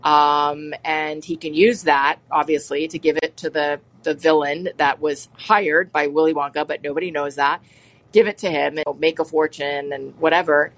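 A woman giving a casual spoken lesson, talking in an earnest, rambling way with many ums and restarts. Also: low voice. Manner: earnest, easily moved. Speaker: presenter explaining literature.

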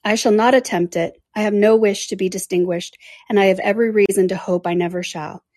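A woman reading aloud, voicing a reserved, melancholy young man in a quiet, lowered voice. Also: fairly even intonation, a little fast, no room sound, lightly acted. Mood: subdued.

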